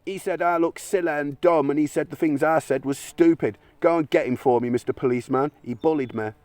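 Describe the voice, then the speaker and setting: A man's voice: on the high side, brisk, darkish tone, no room sound, pitched above the performer's own voice, close to an everyday voice. A man mimicking a whiny, offended complainer.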